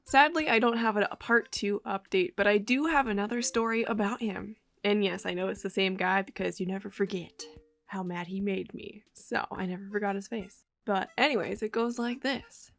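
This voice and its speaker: A young woman from Minnesota telling a casual story in a wry, sarcastic way, with laughs. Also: mid-range voice. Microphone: studio USB microphone.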